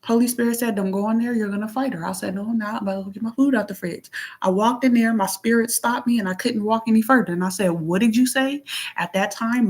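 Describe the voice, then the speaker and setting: A woman vlogger vents into her phone in a casual monologue, blunt and heavily profane, swinging between heated outbursts and low murmurs.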